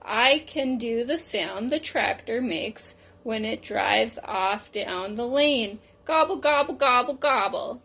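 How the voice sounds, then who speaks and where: A woman's voice: fairly high pitch, takes it slowly, gravelly, few pauses, fairly bright tone, husky, exaggerated voice. Woman doing a keen turkey, raised voice, gobbling, storybook.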